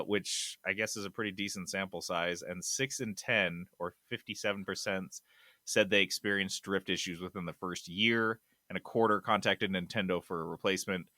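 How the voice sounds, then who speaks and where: A man hosting a casual gaming podcast, reading news with animated, loud bursts of enthusiasm. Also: on the low side, dry recording, studio quality. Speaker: podcast host. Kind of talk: casual chat.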